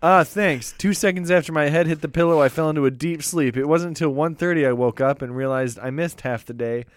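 Brief: a man voicing a laid-back young guy, giggly, slightly high, dry sound. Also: a little fast, no echo, close to an everyday voice. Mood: easygoing. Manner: reads aloud, giggly. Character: sleepy easygoing young man.

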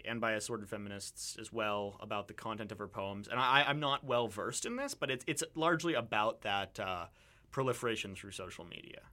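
Bright-voiced young man musing in halting restarts. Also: fairly low pitch. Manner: thoughtful, rambling, many restarts and fillers. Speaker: radio show co-host. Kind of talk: casual discussion.

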